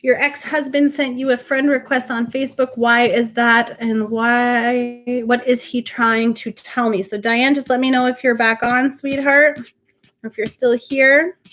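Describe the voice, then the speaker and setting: A woman hosts a live tarot reading in a slightly high voice. She talks in halting bursts, often starting over mid-sentence, and comforts her viewers as honey and sweetheart. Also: flat delivery, fairly bright tone. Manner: emotional, reassuring, addresses viewers as honey and sweetheart. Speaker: tarot reader and livestream host.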